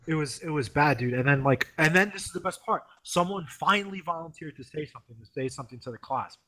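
A young man casually telling a story, animated, swearing freely and acting out the people in it. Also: a little high, quick pace. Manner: animated, swears a lot, mimics the professor in raised voice. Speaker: former grad student telling a story.

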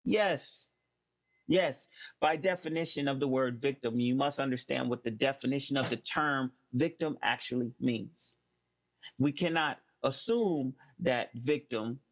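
A man hosting a spoken commentary, talking emphatically and stressing key words. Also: medium pitch. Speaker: host. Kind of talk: monologue commentary.

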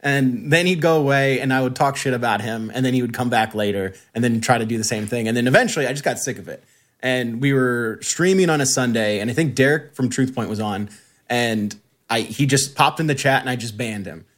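A man's voice: medium pitch, fairly quick. A man telling a mocking story in casual podcast chat, laughing often. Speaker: podcast co-host.

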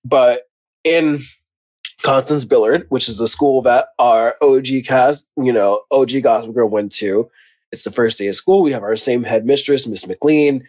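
A man talks casually as co-host of a recap podcast. He is chatty, laughs a lot and slips into voices to act out quotes. His voice sits at a middle pitch, recorded close and dry. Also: measured pace, darkish tone, no echo.

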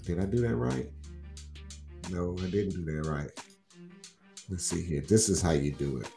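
A man's voice: low voice, normal speed, creaky, faint music behind. A man hosting a casual livestream, teasing and drawling as he talks football smack with viewers. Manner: animated, teasing, drawling, repeats himself. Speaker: livestream host.

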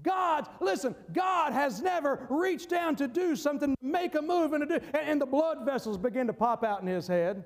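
A man preaching a sermon, emphatic, laughing between points and rising to shouts. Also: very high voice, normal speed.

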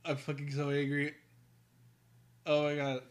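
A man's voice: fairly high pitch, monotone, a little slow. Profane young man ranting in mock anger. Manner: profane, mock-angry storytelling. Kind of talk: casual chat.

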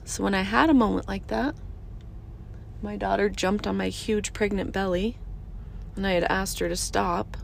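A woman's voice: medium pitch, steady tone, moderate pace, vocal fry, long pauses, slight background noise. A woman in her thirties hosting a casual monologue, earnest and emphatic, repeating short phrases. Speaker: podcast host.

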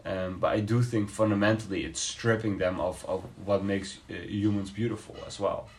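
A man's voice: lowish voice, steady tone, normal speed, a little hiss or hum. A man co-hosting a podcast, talking through his views in a casual debate, thoughtful and hesitant, with many fillers and restarts. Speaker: podcast co-host.

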